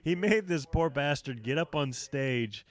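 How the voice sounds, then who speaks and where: A man's voice: fairly high pitch, animated, unhurried. A man who does stand-up comedy, co-hosting a casual podcast chat, rambling through stories with lots of fillers and swearing. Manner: rambling storyteller, heavy fillers, profane.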